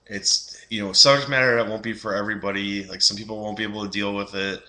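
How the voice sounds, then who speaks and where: A man's voice: fairly low pitch, fairly even intonation, quick pace, bright, forceful tone. Rambling young man reviewing a film. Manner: rambling, many fillers and restarts. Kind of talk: casual spoken film review.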